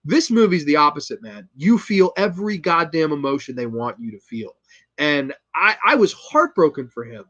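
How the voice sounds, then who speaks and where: A man talks through a favourite horror film in an eager, profane rush, acting out lines as he retells scenes. His voice sits a little higher than most men's. The recording is slightly dull and lo-fi. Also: expressive, normal speed, fairly bright tone. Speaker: host. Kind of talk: casual film review monologue.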